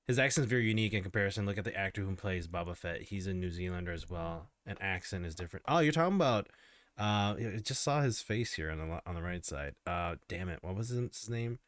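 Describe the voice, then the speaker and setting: A man's voice: sits low, animated, fast talker, no room sound. A man streaming live and rambling casually through his reactions to clips.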